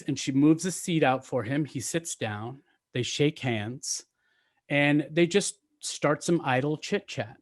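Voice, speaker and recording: A man telling a long story to a gathering, halting with ums and restarts, slowing and softening at touching parts. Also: on the high side. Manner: halting, with many ums and restarts, slowing and quieting at emotional moments.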